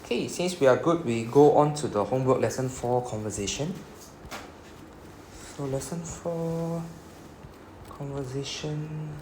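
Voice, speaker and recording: A man with a Singaporean English accent teaches a class, explaining patiently and checking in with his students. His voice sits in a middle pitch. The recording picks up a lot of room echo and a faint background hum. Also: a little slow, pauses often. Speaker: Japanese teacher. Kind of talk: classroom lesson. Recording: echoey classroom.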